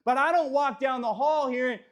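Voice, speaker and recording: A man leading a real estate team in a motivational talk, energetic and swinging from quiet reflection to shouted affirmations, in an office. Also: extremely high pitch, brisk.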